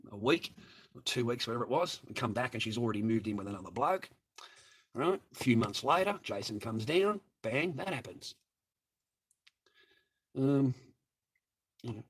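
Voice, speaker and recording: A man spins a crude story in a loose, rambling way. He swears freely, circles back on himself, and keeps calling the listeners mate and boys. His pitch sits in an ordinary middle range for a man. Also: fairly bright tone. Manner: profane, rambling, addresses listeners as mates. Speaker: storyteller addressing viewers. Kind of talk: crude casual anecdote.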